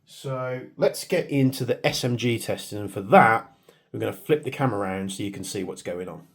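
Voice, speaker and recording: An airsoft channel host runs a casual, hands-on product test, muttering to himself as he handles the gear. His voice is fairly low and fairly quick, and background noise is clearly audible.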